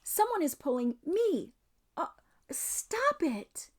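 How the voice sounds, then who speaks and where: A woman's voice: very high voice, big pitch swings, slow pace, voice pushed up, heavily acted. A woman voicing a sensible older schoolgirl who speaks in an earnest, practical way in a storybook reading. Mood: alarmed.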